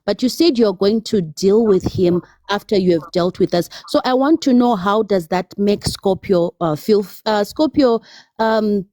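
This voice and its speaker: A woman's voice: medium pitch, unhurried, dark tone, dry recording, clean studio sound. Woman asking probing questions. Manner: probing questions, hesitant fillers. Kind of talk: live-stream debate.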